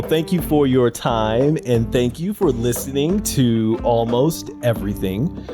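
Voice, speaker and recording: A man's voice: medium pitch, animated, a little slow, over music. A man co-hosts a casual podcast with an everyday mid-range voice. He tells long stories full of fillers and restarts. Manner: storytelling, many fillers and restarts. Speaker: podcast co-host. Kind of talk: casual chat.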